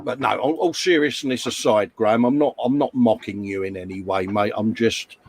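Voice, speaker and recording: Stream host, middle-aged, matey and chatty, scolding gently. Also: male voice, lowish voice, fairly even intonation, normal speed, a little hiss or hum. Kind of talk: casual chat reading viewer comments.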